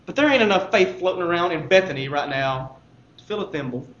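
A man's voice: high-pitched, animated, fairly quick, fairly bright tone, echoey room, muffled recording, a little hiss or hum. A man preaching a sermon as pastor, talking to the congregation conversationally and building to emphatic points.

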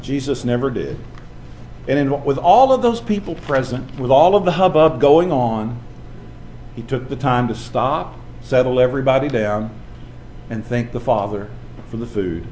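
A man's voice: medium pitch, normal speed, reverberant, a little hiss or hum. A male preacher telling stories in a sermon, acting out the people he quotes. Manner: storytelling, animated, acts out quoted voices.

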